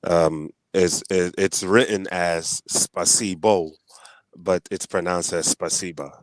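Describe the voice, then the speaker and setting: Man, from New York, very deep voice, interview guest, easygoing, dry sound. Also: little pitch movement, takes it slowly, no room sound. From New York, United States. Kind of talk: casual interview.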